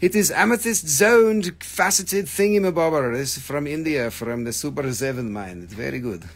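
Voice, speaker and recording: A man's voice: a little high, expressive, normal speed, slight background noise. Joking man selling gems live. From United States. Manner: joking, rambling, swears. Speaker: live-stream gem seller. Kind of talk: casual live sales chat.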